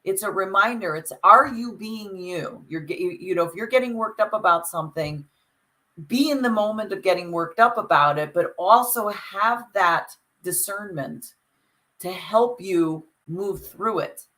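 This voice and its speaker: A woman's voice: medium pitch, unhurried, sharp tone, rough recording. A woman co-hosting a podcast, reflecting aloud and talking things through in a casual chat. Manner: reflective, talks it through with restarts. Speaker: podcast co-host.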